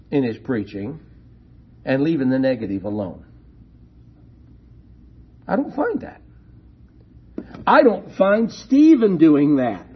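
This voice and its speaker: Slow, husky-voiced male preacher. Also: a little high. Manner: slow, deliberate preaching with emphatic stressed words. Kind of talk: sermon. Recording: dull lo-fi recording.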